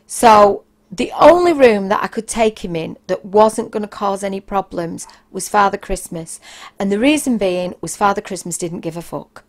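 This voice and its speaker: A woman's voice: medium pitch, normal speed. Blunt woman telling frank stories. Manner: frank, blunt, with bursts of raised emphasis. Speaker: podcast host. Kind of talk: casual anecdotal storytelling.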